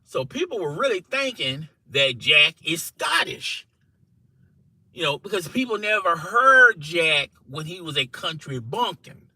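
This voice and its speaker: A man telling a funny workplace story to camera in an animated, conversational way, often checking in with "okay?" and "you know". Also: fairly high pitch, unhurried, husky, no echo, rough recording. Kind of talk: casual story told to camera.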